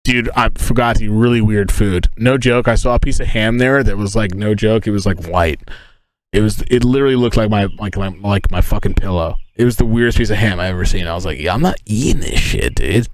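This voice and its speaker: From inside a tent, a man in his thirties tells rambling, expletive-filled stories on a livestream, his fairly low voice running a little fast. The chat is casual and animated.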